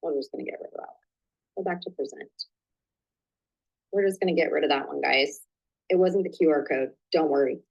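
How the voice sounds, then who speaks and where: A woman hosting a live online business training, chatty and excitable, talking to viewers and muttering to herself while she fixes her slides. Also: deep voice, brisk, creaky, long pauses, lo-fi sound. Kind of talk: casual live-stream coaching.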